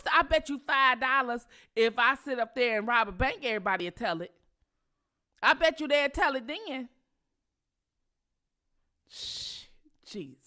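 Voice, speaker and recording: Animated bright-voiced woman from Detroit. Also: on the high side. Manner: emphatic, outraged, repeats herself for effect. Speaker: commentary channel host. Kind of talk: casual commentary vlog.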